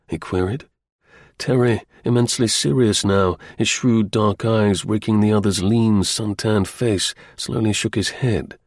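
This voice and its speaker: A man narrating an audiobook in a measured, even storytelling manner, with a husky voice. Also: fairly low pitch, dry recording, studio quality. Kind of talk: scripted narration.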